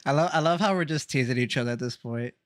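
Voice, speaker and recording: A man's voice: medium pitch, quick pace, no echo, studio quality. A man chatting casually on a live game stream, teasing viewers, laughing often and swearing freely.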